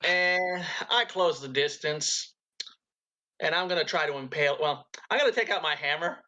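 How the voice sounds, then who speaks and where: Male player, menacing and profane, bright voice, dull mic sound. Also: fairly high pitch, moderate pace. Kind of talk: in-character tabletop play. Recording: muffled lo-fi mic.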